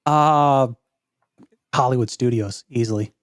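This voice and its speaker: A man co-hosting a podcast, relaxed and hesitant, who also keeps an eye on the live chat. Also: mid-range voice, measured pace, no echo, clean studio sound.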